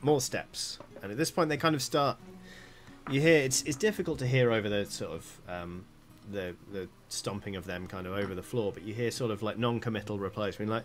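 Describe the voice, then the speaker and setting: A man's voice: lowish voice, fairly even intonation, a little fast. A man narrating as dungeon master, describing scenes loosely with lots of fillers. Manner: rambling, filler-heavy description. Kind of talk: narrating a tabletop game.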